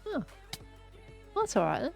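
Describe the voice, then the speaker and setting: An Australian woman chats on her stream, playful and quick to giggle. Her voice sits slightly high and moves in lively swoops. Soft music plays faintly in the background. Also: creaky. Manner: giggly, playful, laughs often. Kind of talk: casual chat while gaming.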